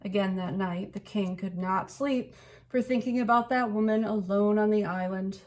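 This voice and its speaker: A woman reading a children's picture book aloud in an expressive storytelling way. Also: medium pitch, moderate pace, slight background noise. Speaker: storybook reader.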